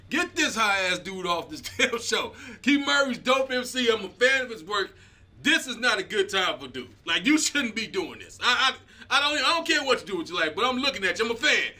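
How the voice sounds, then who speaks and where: A comedian hosts his own show and rants with a lot of laughter, shouting one moment and muttering the next. His voice sits high for a man and swoops all over. The tone is sharp and very bright. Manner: animated, laughing, swings from loud outbursts to low mutters. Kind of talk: stand-up style commentary rant.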